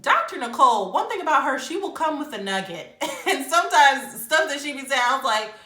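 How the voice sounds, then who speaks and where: Young woman, casual reviewer, bright tone, Black lilt, echoey room sound. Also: sits high, a little fast. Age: young adult. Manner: chatty, animated, quotes people in mock voices. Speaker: reality show reviewer. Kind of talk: casual commentary.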